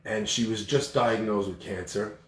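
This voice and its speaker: A man's voice: on the low side, moderate pace. A man telling a story in a sermon, acting out the people in it. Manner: animated storyteller acting out voices. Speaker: speaker giving a talk. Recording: echoey room, far from the mic.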